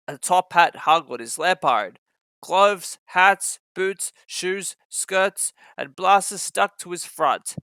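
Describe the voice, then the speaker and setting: A man reading a children's storybook aloud, expressive and acting out every character. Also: sits high, slow, clean tone, dry recording. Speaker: narrator.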